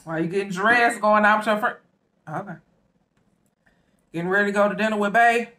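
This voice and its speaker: A woman's voice: medium pitch, brisk. A woman from the Southern US with a Southern accent, hosting an eating show and chatting casually between bites. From Southern United States. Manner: relaxed and chatty, talks between bites, says "y'all" often. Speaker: mukbang host.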